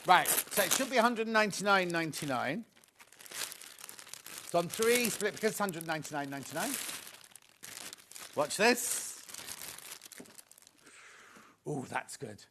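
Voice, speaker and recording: A man's voice: high voice, lively intonation, measured pace, long pauses, noisy background. A man presenting a live home shopping show in a TV studio, chatting and gushing over the products.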